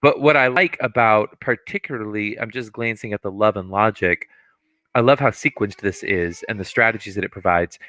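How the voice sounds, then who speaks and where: Male host, bright dry voice, acts out quotes in his stories. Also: medium pitch, no echo. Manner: animated storyteller, acts out quotes, laughs often. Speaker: podcast host, music teacher. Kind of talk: casual conversation.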